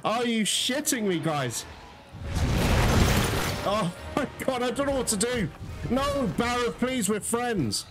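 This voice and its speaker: Male gameplay commentator, high animated voice, excitable and profane, addresses viewers directly. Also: slow pace, long pauses. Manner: excitable, swears often, talks to viewers as guys. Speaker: gaming YouTuber. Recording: loud game music behind the voice. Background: loud game music.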